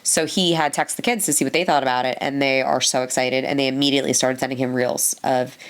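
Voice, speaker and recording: Low-pitched woman chatting on a podcast. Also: fairly even intonation, quick pace. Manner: chatty storyteller, acts out quoted dialogue; giggly, frequent laughs. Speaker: podcast co-host. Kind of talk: casual chat.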